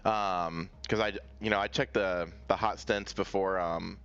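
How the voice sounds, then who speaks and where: A man's voice: low voice, steady tone, unhurried, fairly bright tone, clean tone, lo-fi sound. A man talking as a racing driver in a casual post-race interview, hesitant, with many fillers and restarts.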